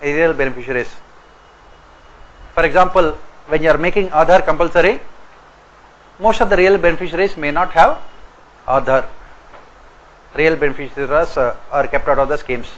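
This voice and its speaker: A man teacher with an Indian English accent, lecturing a class and repeating each point slowly so students can write it down. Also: fairly high pitch, muffled recording. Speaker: exam coaching teacher.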